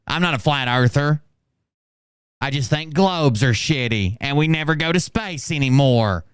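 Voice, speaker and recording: A man's voice: fairly high pitch, expressive, moderate pace, clear, resonant tone. A man hosting reaction commentary, talking in a sarcastic, mocking way. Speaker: commentary host.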